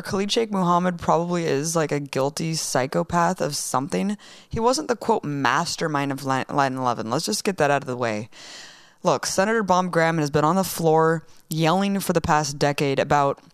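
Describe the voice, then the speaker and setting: A young woman telling a story in a casual interview, emotional and rapid, swearing often. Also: sits low, clean tone, no room sound, clean studio sound. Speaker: guest.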